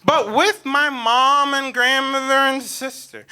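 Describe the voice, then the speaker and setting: Young man, stand-up comedian, from Omaha, unhurried delivery, bright tone. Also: very high-pitched. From North Omaha, Nebraska, USA. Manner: animated, swinging between soft asides and loud punchlines.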